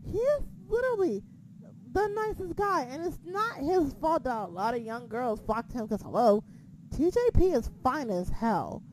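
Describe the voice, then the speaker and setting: A young woman with a slightly high voice, talking excitably and swearing freely in a casual chat. She laughs often, and a faint hiss of noise sits under her voice. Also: moderate pace, rough recording. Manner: excitable, profane, laughs a lot. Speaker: co-host of a wrestling chat.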